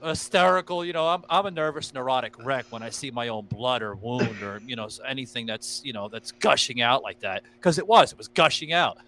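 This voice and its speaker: A man hosting a podcast in casual chat, telling stories in a rambling, excitable way and swearing freely. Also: medium pitch, a little fast, few pauses. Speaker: podcast host.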